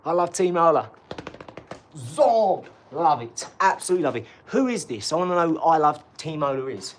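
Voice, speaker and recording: A man in his forties talks on a live stream, drifting from one topic to the next and bragging cheerfully, with a laugh at his own expense. His voice sits a little high. A faint background hum runs under the whole recording. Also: very animated, moderate pace. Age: 40s. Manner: chatty, boastful, drifts between topics, laughs at himself. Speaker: channel host. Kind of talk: rambling live-stream chat with boxing tips.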